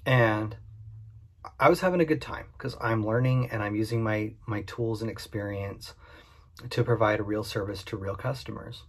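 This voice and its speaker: Man, husky voice, casual story to camera, candid, conversational, cleaning business owner. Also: lowish voice, normal speed. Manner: conversational and candid, with frequent fillers.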